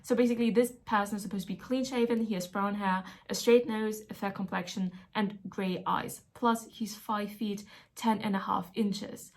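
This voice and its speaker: A woman's voice: medium pitch, fairly even intonation, normal speed. A woman book vlogger chatting casually as she sums up a mystery novel, playful and self-mocking.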